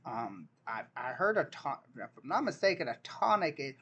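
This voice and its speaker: A man's voice: medium pitch, very animated, normal speed, hardly any pauses, a bit bright, husky, muffled recording. A young man, casually reacting to a dialect quiz, joking and incredulous as he thinks aloud. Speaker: vlogger taking an online dialect quiz.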